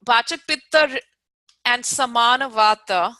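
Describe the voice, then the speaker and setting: A woman's voice: on the high side, measured pace, pushed and bright, no echo. A woman from India teaching an online lecture over a video call, explaining step by step, repeating key terms and checking that her students follow.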